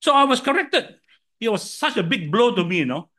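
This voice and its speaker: An older man with a Singaporean English accent preaching a sermon, telling stories and swinging from loud to soft. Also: high voice, very animated, fairly quick. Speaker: pastor.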